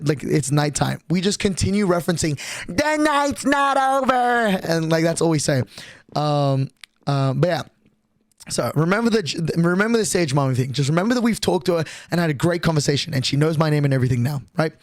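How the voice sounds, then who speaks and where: A man's voice: a little high, dry recording. A young man streaming, telling a rambling, profane story and acting out quotes in a casual way.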